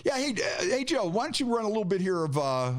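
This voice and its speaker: Host, male, excitable studio chat, upbeat and animated. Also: high-pitched, fast. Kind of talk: casual chat. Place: local studio.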